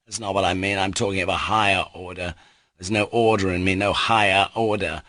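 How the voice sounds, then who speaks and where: A man reading an audiobook, voicing an excitable, reckless young nobleman who talks in a feverish, rambling way. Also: deep voice, fairly quick, dry recording. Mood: feverish, expansive.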